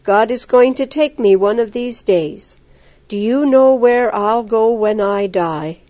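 A woman voicing a frail, earnest old woman who speaks low and gently. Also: slow, no room sound. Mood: gentle.

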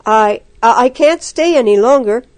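A woman's voice: high-pitched, animated, normal speed, a little mellow, pitched above the performer's own voice. A woman reading as a nervous, stammering girl. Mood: panicked. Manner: stammering, breathless. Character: young village girl, nervous and excitable.

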